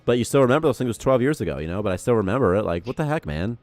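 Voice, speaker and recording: A man in his late twenties, a game programmer chatting casually on a development stream and telling stories in a profane, animated way. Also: medium pitch, rapid-fire, dry recording, faint music behind. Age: 20s. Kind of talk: casual dev stream chat.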